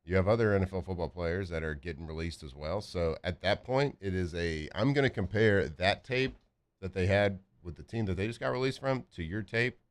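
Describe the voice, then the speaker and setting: A man with a fairly low voice co-hosting a sports radio show. He talks in a loose, rambling way and jokes with his partner. His delivery is relaxed and unhurried. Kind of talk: casual sports talk.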